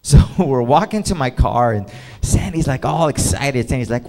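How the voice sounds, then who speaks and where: A male pastor telling a personal story in a sermon, animated and casual, laughing often and filling gaps with "you know". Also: mid-range voice, moderate pace.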